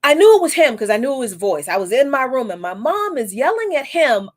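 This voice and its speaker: Host, woman in her forties, fairly high voice, candid reflective storytelling, swears casually. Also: big pitch swings, brisk. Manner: reflective, candid, with frequent restarts and casual profanity. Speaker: podcast host. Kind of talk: personal storytelling monologue.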